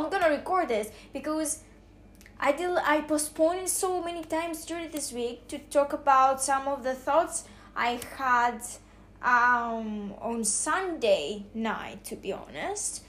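Woman, high voice, podcast host, emotional, rambling, halting, many restarts, home kitchen. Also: fairly bright tone. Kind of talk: casual solo podcast talk.

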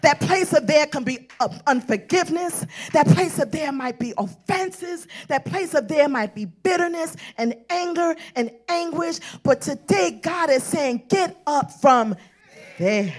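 A woman preaching a prophetic sermon, shouting and sing-songing her lines with "uh" between phrases and calling her listeners "sis" and "girl". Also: high-pitched, expressive, a little slow. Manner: shouting, sing-song preaching with breathy "uh" fillers; exhorting women as "sis" and "girl".

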